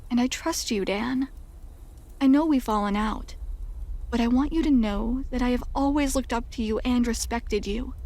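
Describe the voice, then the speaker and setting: A woman voicing a nervous, out-of-breath man who speaks quietly and pleads for help, with a raspy edge. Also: on the high side, normal speed, natural voice. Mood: pleading.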